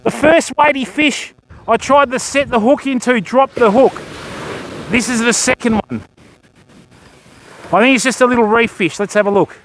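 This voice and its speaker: This live fishing stream features an older Australian man on a beach by the surf, thanking viewers and chatting while he casts. His voice is extremely high and a bit bright, moving at a moderate pace with frequent pauses. Faint surf noise is audible outdoors.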